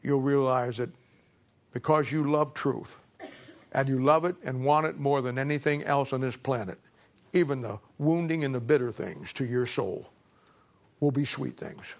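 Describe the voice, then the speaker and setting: A man's voice: mid-range voice, normal speed. A male preacher telling a folksy story in his sermon, often repeating words as he goes.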